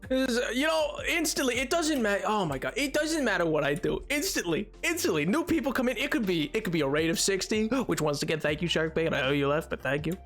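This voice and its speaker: Man, high-pitched, very animated, playful self-mocking stream chat. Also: quick pace, hardly any pauses, soft background music. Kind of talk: live game-stream chat.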